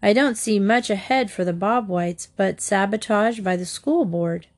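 A woman's voice: medium pitch, a little slow, lightly acted. A wisecracking teenage boy, read by a woman. His lines carry a teasing, wry edge.

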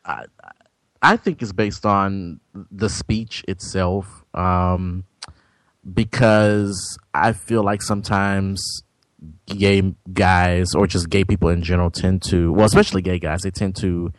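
A man's voice: deep voice, steady tone, slow pace, no echo. A man co-hosting a casual discussion, hesitant and searching for words, then blunt. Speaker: co-host.

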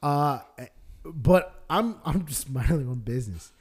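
A man's voice: on the high side, measured pace, husky. A man co-hosting a casual podcast, telling a story with lots of swearing and acted-out voices. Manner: animated storyteller, swears a lot, acts out yelling characters. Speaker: podcast co-host. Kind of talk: casual chat.

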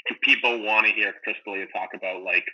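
A man's voice: lowish voice, steady tone, a little fast, slightly rough, dull audio. A young man co-hosting a casual podcast, rambling with lots of fillers and acting out imagined scenes. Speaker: podcast co-host.

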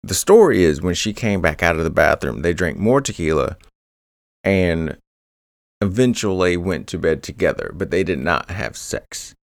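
A man's voice: low voice, expressive, moderate pace, creaky, no room sound, clean studio sound. A man hosting a true crime podcast, rambling through the case with joking asides. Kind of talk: casual true crime narration.

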